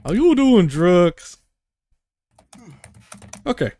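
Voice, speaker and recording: A man's voice: high-pitched, big pitch swings, drawn-out words, dark tone, dry recording. A man narrating as game master in a loose, joking way.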